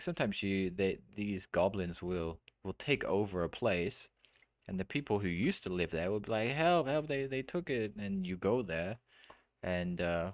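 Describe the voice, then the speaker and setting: A man streaming a game live, chatting casually and thinking out loud with many restarts. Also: low-pitched, no room sound. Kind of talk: casual let's-play commentary. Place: home streaming setup.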